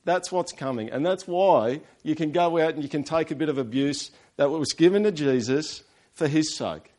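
A man with an Australian accent preaching a sermon, talking to his congregation in a relaxed way and dropping in quick rhetorical questions. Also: on the high side. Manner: conversational, with rhetorical tag questions. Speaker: pastor.

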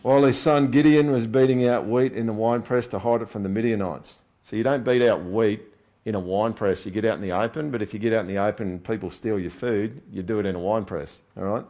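A man preaching a sermon, expressive, moving from hushed to loud and emphatic, often checking in with the listeners with short questions. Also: lowish voice, quick pace, dull audio. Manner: asks listeners tag questions.

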